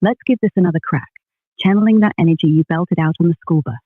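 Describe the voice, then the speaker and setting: A man's voice: a little high, fast talker, slightly rough, no echo, phone-quality sound. A synthetic male voice with a Northern English accent, an AI co-host bantering in a cheeky, chummy way. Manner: chummy, cheeky, calls people mate. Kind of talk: casual banter.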